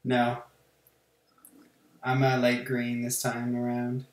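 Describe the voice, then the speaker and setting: A man chatting casually while he plays a game, rambling from one thought to the next and swearing freely. He pokes fun at himself. His voice has a middling pitch and carries a roomy echo. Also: completely flat delivery, slow pace. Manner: rambling, profane, self-mocking. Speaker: gaming channel host.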